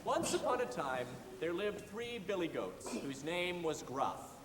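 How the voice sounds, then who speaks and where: A man's voice: high voice, very animated. Man telling a storybook tale on stage. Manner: measured, storybook narration. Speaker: narrator. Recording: echoey hall, distant mic, audience noise.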